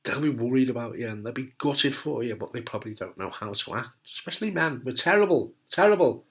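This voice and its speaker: A middle-aged UK man who survived testicular cancer gives candid advice to camera in a medium-pitched, expressive, slightly bright voice at a fairly quick pace. Blunt and jokey, he swears casually and often asks "right?"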